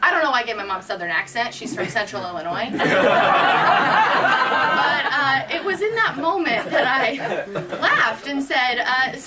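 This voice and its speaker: A woman's voice: high voice, lively intonation, moderate pace. A young woman performing a comic personal essay on stage, self-deprecating and laughing through her lines. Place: live stage in front of an audience. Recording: distant mic, loud audience, noisy room.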